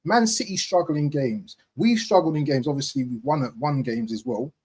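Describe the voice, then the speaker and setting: A man hosting a casual football podcast, talking with animated emphasis and repeating his points. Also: fairly high pitch, normal speed, slightly rough. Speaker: podcast host.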